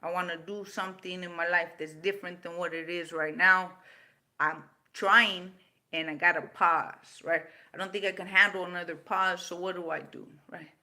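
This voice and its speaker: Fifty-something woman on a livestream, blunt and confrontational, really sharp forceful voice. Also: fairly low pitch, steady tone, moderate pace. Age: 50s. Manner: blunt and confrontational, swearing freely; reads out and answers viewer comments. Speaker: livestream host. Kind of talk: unscripted livestream talk.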